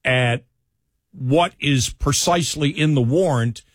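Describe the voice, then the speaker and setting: A man's voice: mid-range voice, slow, no room sound. Radio host man, dry studio sound. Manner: rambling, restarts, reads a column aloud. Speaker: radio talk show host. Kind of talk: casual talk radio banter and commentary. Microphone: studio headphones and mic.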